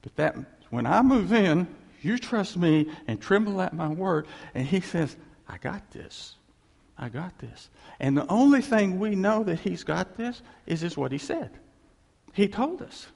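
A male pastor preaches with a gravelly, husky voice and a pitch that rises and falls a lot. He talks casually and wryly, often acting out God's words in a relaxed way. His voice carries a long reverb from a large hall. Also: a little slow. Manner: conversational, wry, quotes God in a casual voice. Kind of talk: sermon.

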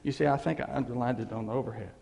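A male pastor preaches rapid-fire with vocal fry, his animated sermon veering between loud exclamations and low murmurs in a reverberant church hall.

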